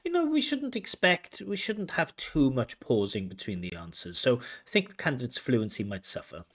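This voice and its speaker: A man's voice: mid-range voice, very animated, normal speed, a bit bright. Guy breaking down a speaking test, voice jumps up and down a lot. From Wales. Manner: explanatory, imitates intonation with tut sounds. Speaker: IELTS examiner and teacher. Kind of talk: spoken exam feedback lesson.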